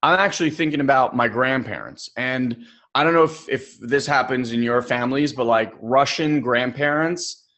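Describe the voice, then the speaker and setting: On a personal development podcast, a young adult co-host with a mid-range voice speaks at normal speed. His storytelling is lively, and he acts out the voices of those he's quoting.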